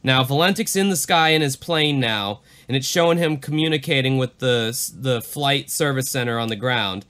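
A man's voice: medium pitch, normal speed. A man co-hosting a podcast, mixing casual chat with dramatic readings. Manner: animated, leaning into the creepy parts. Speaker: podcast co-host.

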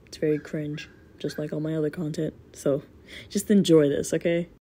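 A woman's voice: deep voice, little pitch movement, normal speed, mellow, a little hiss or hum. A woman vlogging to her viewers in a rambling, self-deprecating, giggly way. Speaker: voice actor and YouTuber. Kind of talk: casual vlog chat.

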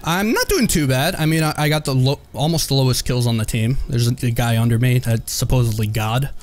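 A young man giving live, excitable and profane commentary while he plays a shooter game, trash-talking the enemy players. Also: mid-range voice, brisk, soft background music. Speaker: gameplay commentator.

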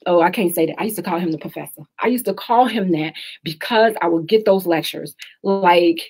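A woman with a husky, breathy voice hosts a live call-in style radio talk. She speaks frankly and emphatically, often repeating a point twice to drive it home. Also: medium pitch, a little mellow. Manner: candid, emphatic, repeats advice for stress. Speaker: talk show host.

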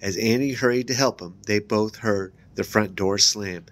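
A man reading a children's horror book aloud, raising his voice higher and louder for the characters' lines and dropping low for the narration tags. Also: moderate pace. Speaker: book reader.

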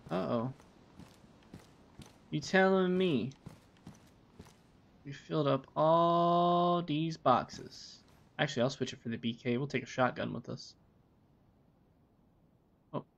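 Game streamer, male, gravelly, rambling and profane, dull lo-fi mic. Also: a little high, slow, pauses often. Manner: rambling, swearing, talks to himself. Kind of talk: casual gameplay commentary. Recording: dull lo-fi recording.

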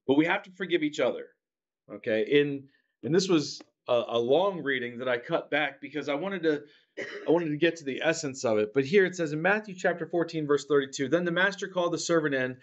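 A man's voice: fairly high pitch, brisk, lo-fi sound. A man preaching a sermon in a church, talking conversationally and often checking in with the congregation. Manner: acts out children's grudging apologies.

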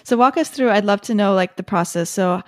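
A woman interviewing an actor, friendly and quick to laugh along. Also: medium pitch, no echo, clean studio sound. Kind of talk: interview questions.

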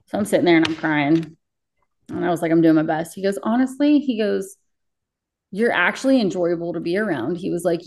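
A young woman with a fairly low voice tells her story in a candid interview. She talks bluntly and emotionally, swearing freely as she describes her work as a paramedic. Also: gravelly, a little mellow. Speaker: paramedic guest.

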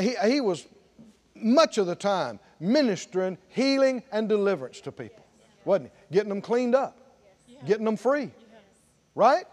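A man's voice: very high-pitched, a little mellow. A middle-aged man preaching a sermon as pastor in a church, emphatic and calling out to the congregation. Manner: emphatic, call-and-response preaching.

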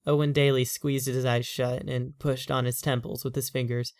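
Brief: horror story narrator, mid-pitched voice, even reading, dry close mic. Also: moderate pace, hardly any pauses, dry recording.

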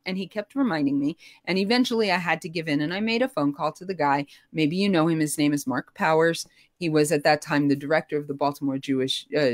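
A middle-aged woman telling her personal story in an animated, expressive way, her voice rising when emotional. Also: lowish voice, no echo, studio quality. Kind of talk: conversational storytelling.

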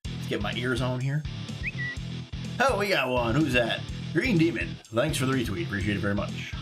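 A man from South Carolina streaming a survival game live, chatting excitedly and greeting viewers by name. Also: mid-range voice, normal speed, music in the background. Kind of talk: casual live game commentary.

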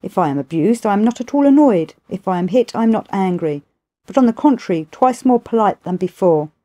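A woman's voice: medium pitch, expressive, brisk, dark tone, natural voice. Woman reading as an eager monkey pupil. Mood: earnest.

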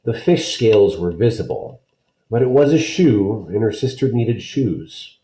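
A man's voice: lowish voice, expressive, a little slow, mellow, reverberant, slight background noise, poor audio. A man, a teacher, reading a children's novel aloud to students, friendly and checking in with listeners.

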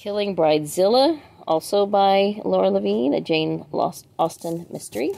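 This book vlogger has a mid-range, gravelly voice with a dark tone, speaking animatedly at normal speed over a slight hiss or hum. Unboxing her books casually, she reads out each title, makes chatty remarks to viewers, and asks how to pronounce things.

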